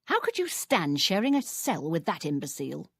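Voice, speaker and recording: A woman's voice: low-pitched, wildly swooping pitch, normal speed, a bit bright, breathy edge, no echo, full character voice. An actress voicing a cunning female thief who speaks in a sly, scornful way, from a fantasy video game. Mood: scheming.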